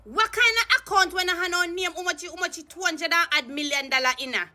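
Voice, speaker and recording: A woman's voice: extremely high pitch, a little fast, bright, forceful tone. A Jamaican woman in a heated, profane political rant in patois, scornful and angry. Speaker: political commentator.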